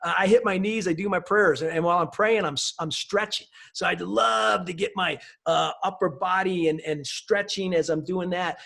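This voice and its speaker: A man's voice: sits high, moderate pace, creaky, few pauses, fairly bright tone. A man talking as an interview guest in an upbeat, enthusiastic way, often ending his points with "right?" and "you know". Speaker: guest speaker. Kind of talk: conversational interview.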